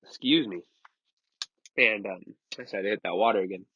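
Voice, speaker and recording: A man's voice: lowish voice, moderate pace, bright, forceful tone, slight background noise. A man in his twenties casually telling a rambling, profane story. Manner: rambling and profane, with many fillers. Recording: dull lo-fi sound.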